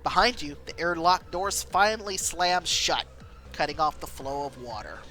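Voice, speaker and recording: A woman streamer narrates a story game out loud, her voice bright and lively. Faint music sits behind her. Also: deep voice, poor audio. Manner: animated, quick reading with voices. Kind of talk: reading a story game aloud.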